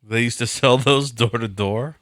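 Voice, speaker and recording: A man's voice: mid-range voice, moderate pace, fairly bright tone, dry recording, studio quality. A man co-hosting a podcast, chiming in with short wry remarks. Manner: wry interjections. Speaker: podcast co-host. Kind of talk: casual banter.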